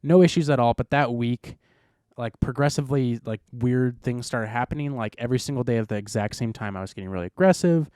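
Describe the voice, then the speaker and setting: A man's voice: mid-range voice, fairly quick, darkish tone, clean tone, dry recording, studio quality. A young man hosting a podcast, telling a long story in a rambling, laid-back way with lots of fillers. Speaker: podcast host. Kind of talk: casual chat.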